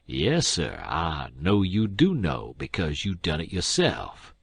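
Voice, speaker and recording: A man voicing a sly older male con man who drawls and answers with sarcasm, his voice husky. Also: deep voice, huge pitch swings, slow pace, exaggerated voice.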